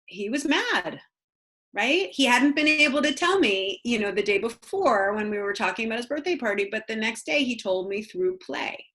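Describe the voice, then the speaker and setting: A woman's voice: on the high side, lively intonation, normal speed, fairly bright tone. A woman child psychologist giving practical parenting advice in a conversational talk, with earnest storytelling full of "um"s and "you know"s. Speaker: child psychologist guest speaker.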